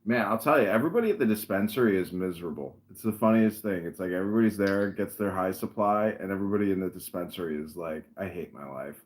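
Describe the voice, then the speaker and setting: A man hosting a casual livestream chat, dry and mocking, rambling and often clearing his throat. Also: low voice, quick pace, hardly any pauses. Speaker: podcast host.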